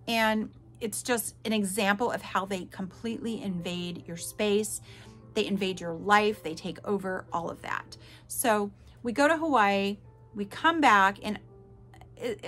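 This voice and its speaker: Woman in her 40s venting her story, bright high-ish voice, earnest and pleading, a little music under it. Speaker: vlogger sharing her story. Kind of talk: personal storytelling to camera.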